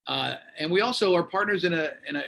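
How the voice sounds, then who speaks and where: With vocal fry and a slightly high voice, an American radio host talks fast while telling a story in casual conversation in Florida. He's animated, acting out the people he quotes.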